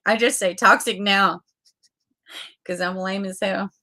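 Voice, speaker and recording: A woman's voice: medium pitch, steady tone, unhurried, bright, forceful tone. A woman hosting a casual livestream, chatting with viewers, swearing freely and greeting them with endearments. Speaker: livestream host. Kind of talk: casual livestream chat reading viewer comments.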